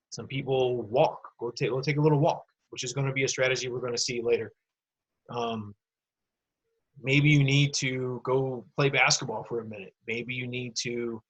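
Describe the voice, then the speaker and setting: A man's voice: medium pitch, breathy edge, rough recording. A male teacher recording a remote lesson for students, explaining patiently and addressing the kids directly. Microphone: computer mic.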